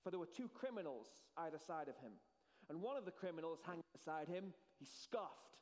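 A man preaching an earnest sermon with dramatic pauses. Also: fairly high pitch, expressive, a little mellow, long reverb tail. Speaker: pastor.

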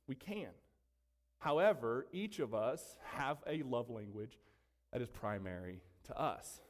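A pastor's mid-range, darkish voice fills a reverberant church sanctuary. He preaches with emphasis and keeps throwing rhetorical questions at his congregation.

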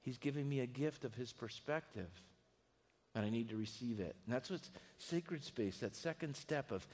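A middle-aged man preaching a sermon as a pastor, telling stories in a lively, conversational way. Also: medium pitch, moderate pace. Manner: storytelling, animated and conversational. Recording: reverberant hall.

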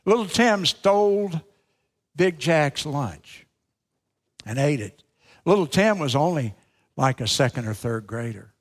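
A man preaching a sermon, telling a story and then speaking earnestly and directly to his listeners. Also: on the high side.

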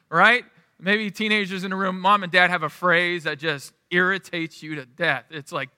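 A man's voice: high voice, moderate pace, bright, forceful tone, clean studio sound. A middle-aged man preaching a sermon as pastor in a church, in a conversational way that keeps checking in with the congregation. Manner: conversational, asks the room "right?". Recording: long hall reverb.

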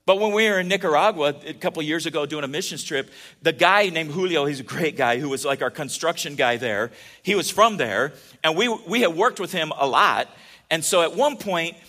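Guy giving a chatty sermon, high voice, bright, jokes around and restarts a lot. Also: expressive, brisk. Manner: chatty and joking, with many restarts. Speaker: pastor.

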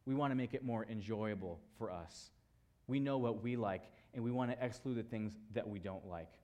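A man's voice: on the low side, moderate pace, dark tone, dull audio. A man preaching a sermon, building emphasis through repeated phrases and rhetorical questions. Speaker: pastor.

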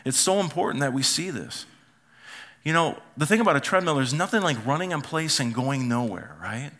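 A man's voice: fairly high pitch, animated, brisk, pushed and bright. A middle-aged man, a pastor, preaching a sermon in a church auditorium and telling family stories, acting out the voices of his relatives. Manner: storytelling, acts out family members' voices.

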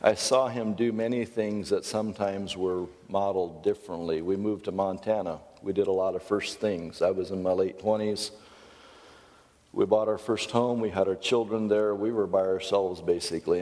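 A middle-aged American pastor giving a folksy, conversational sermon with storytelling asides. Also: male voice, low-pitched, steady tone, normal speed, darkish tone, long reverb tail.

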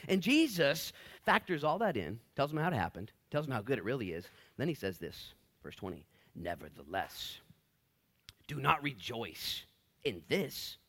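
A man preaching a casual, jokey sermon in a church. He swings from loud, excited bursts to hushed whispers. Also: medium pitch, normal speed. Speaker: pastor. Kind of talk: expository sermon. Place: church sanctuary.

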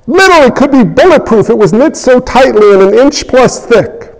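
A pastor delivers a sermon with a strikingly high voice. He preaches in an animated way, acting out moments and voices for the congregation. His words ring out with a long reverb from the church sanctuary. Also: moderate pace.

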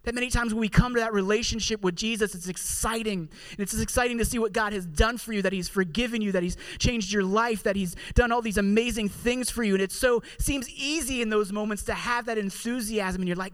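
A man with a high voice delivers an earnest sermon. He talks like he is chatting with the congregation and slows right down when he reads scripture. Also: fairly even intonation, a bit bright. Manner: earnest, conversational preaching with slowed, drawn-out scripture reading. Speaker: pastor.

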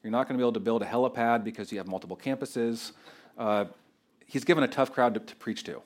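A man's voice: medium pitch, fast. A man in his thirties preaching a sermon as pastor, talking in a loose, unscripted way with fillers and restarts.

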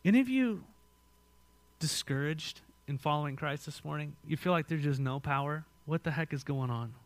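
Male American pastor, mid-high voice, dry close sound; dynamic sermon delivery with direct questions to the room. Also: normal speed, no echo. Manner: dynamic preaching, swings from loud and emphatic to quiet and hushed; asks the congregation direct questions.

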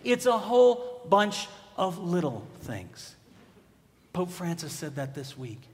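A man preaching a sermon in a church, conversational and joking, rising to loud emphatic bursts. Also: high voice, very animated, slow, big-room sound. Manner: humorous, conversational, builds to loud emphatic peaks. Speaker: pastor. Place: church sanctuary.

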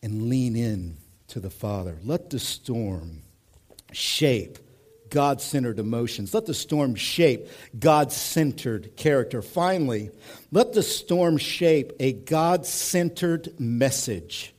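Animated, conversational preaching man. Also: mid-range voice, slow pace. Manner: conversational, animated preaching, moving between hushed and loud. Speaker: pastor. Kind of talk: sermon.

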